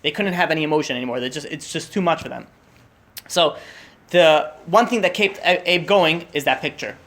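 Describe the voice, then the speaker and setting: At a holiday meal, a young man tells a story in a rush, tumbling over his words. His fairly bright voice sits somewhat high for a man, and he keeps restarting and using lots of fillers.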